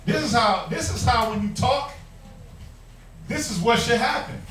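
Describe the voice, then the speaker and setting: A man's voice: very high voice, lively intonation, a little slow, a bit bright, a little hiss or hum. A man teaching a Bible class, preaching emphatically with rhetorical questions and mocking quotes. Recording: echoey room, mic far off.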